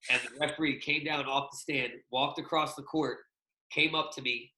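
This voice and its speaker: A man hosting a casual podcast, an animated storyteller who laughs often, talking over a video call. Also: medium pitch, moderate pace, a little hiss or hum. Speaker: podcast host. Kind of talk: casual chat. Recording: echoey room.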